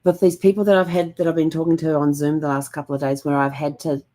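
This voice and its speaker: A woman with a notably low voice hosts a reflective vlog. She talks gently and calmly, wandering through her thoughts with plenty of ums. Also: quick pace. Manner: gentle and calm, rambling with many fillers. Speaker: host.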